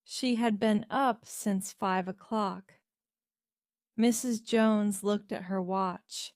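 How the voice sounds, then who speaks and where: Woman, story narrator, slow careful reading, mid pitch, dry sound. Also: fairly even intonation, a little mellow, no room sound. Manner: slow, clear reading for learners. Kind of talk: graded reader story narration.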